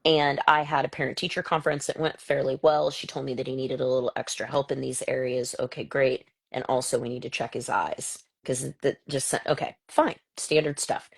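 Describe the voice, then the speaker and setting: Low husky woman telling a story. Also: brisk, few pauses, no room sound, low-quality recording. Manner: animated storytelling with voiced quotes. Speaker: host; mother telling a story about her son. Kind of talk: casual live-stream chat.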